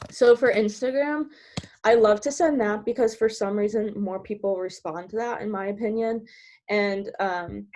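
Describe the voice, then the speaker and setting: A woman giving casual coaching tips on a video call. She talks fast, laughs often and fills her speech with "like". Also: medium pitch, fairly even intonation, a little mellow. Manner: bubbly, giggly, filler-heavy with many "like"s. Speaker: team trainer sharing sales tips.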